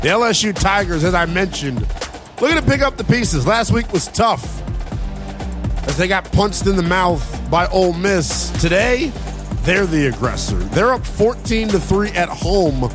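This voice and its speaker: A fired-up man hosting sports talk radio, his voice pitched a little high, quick to joke and throw out blunt opinions. A faint music bed runs under the studio broadcast. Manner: energetic, brash, joking.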